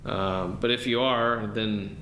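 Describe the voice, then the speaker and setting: A man's voice: on the low side, steady tone, slow, fairly bright tone. A man guest on a podcast, answering questions casually and hesitantly, with frequent ums and restarts. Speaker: podcast guest, real estate wholesaler. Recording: roomy with faint background noise.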